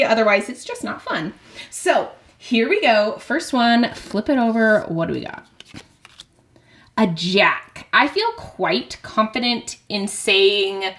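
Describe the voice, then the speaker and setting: A woman book vlogger chatting casually to her viewers, excitable and nervous, with quick giggles. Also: mid-range voice. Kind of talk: casual vlog chat to camera.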